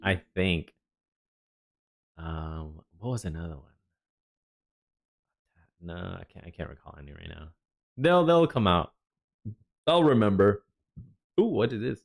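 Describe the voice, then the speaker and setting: A jet-lagged male streamer giving relaxed, rambling reaction commentary with chatty asides. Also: low voice, measured pace, gravelly, long pauses. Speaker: streamer reviewing a developer stream.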